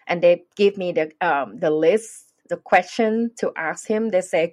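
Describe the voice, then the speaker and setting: A woman's voice: fairly low pitch, measured pace, few pauses, a little mellow. A woman with a non-native English accent telling a personal story earnestly in conversation, acting out the dialogue. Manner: earnest, acts out quoted dialogue. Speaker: guest.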